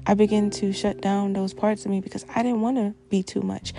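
A woman hosting a podcast speaks in a candid, emphatic monologue, circling back to repeat her phrases and swearing freely. Her voice is mellow with a gravelly fry at the edges. Soft guitar music plays faintly behind her. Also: medium pitch, flat delivery, fairly quick. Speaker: podcast host. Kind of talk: reflective personal monologue.

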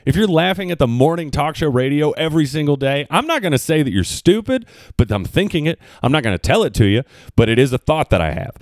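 A man from the hosting a podcast, riffing in a comedic monologue and swooping into high mock voices. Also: sing-song, fast, few pauses, no echo, clean studio sound. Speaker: podcast host.

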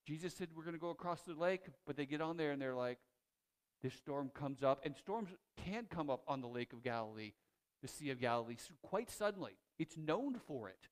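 A male pastor retells a story during his sermon, his voice on the high side and fairly quick. His delivery is lively and animated, swinging between loud and hushed, with frequent restarts.

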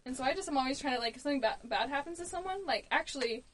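A young woman with a high, bright voice co-hosts a casual podcast. She is bubbly and laughs often, with "like" sprinkled through every sentence. Her talk is easygoing and chatty. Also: animated, racing. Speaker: podcast co-host. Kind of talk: casual chat.

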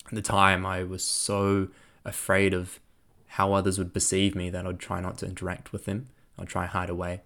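A young man telling a personal story in a reflective way, laughing often and filling pauses with lots of ums. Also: deep voice, creaky, a bit bright.

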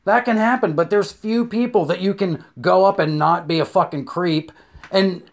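A man's voice: high voice, normal speed, gravelly, slight background noise. A young adult man giving a comedic rant that is profane and rambling, full of stammered restarts and acted-out scenes.

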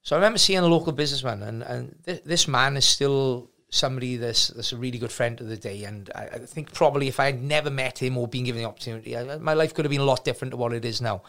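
A man's voice: mid-range voice, fast, hardly any pauses, a bit bright. A middle-aged man, a gym owner frankly telling his life story as a podcast guest, rambling with many restarts. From South Wales. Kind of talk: casual storytelling interview.

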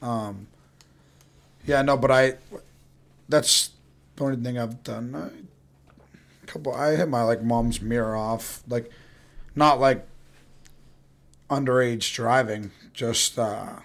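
Young New man, casual podcast co-host, relaxed rambler who swears easily, mid-range voice. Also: mid-range voice, slow, pauses often. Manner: laid-back, rambling, swears casually, trails off. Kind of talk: casual chat.

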